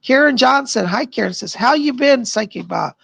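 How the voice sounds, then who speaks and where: A man's voice: very high-pitched, expressive, normal speed, creaky, fairly bright tone, no echo. A man hosting a live stream as a psychic, chatting casually with viewers in a bubbly, gushing way and laughing often.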